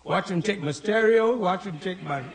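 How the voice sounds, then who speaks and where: Gravelly-voiced man telling stage jokes. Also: normal speed. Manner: old-school punchline delivery, jumps up in pitch for quoted characters. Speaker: stand-up comedian. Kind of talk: stand-up joke telling.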